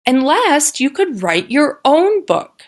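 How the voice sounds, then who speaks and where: A woman who teaches kindergarten, giving a patient recorded lesson and sounding out words slowly for young children. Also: high voice, big pitch swings. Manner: slow, patient and sing-song, sounding out words.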